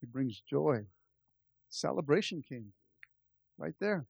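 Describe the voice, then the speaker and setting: A man's voice: on the high side, a little slow, pauses often, fairly bright tone, no room sound, highs cut off. A man preaching a fervent sermon to his church, repeating his calls to the congregation. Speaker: pastor. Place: church service.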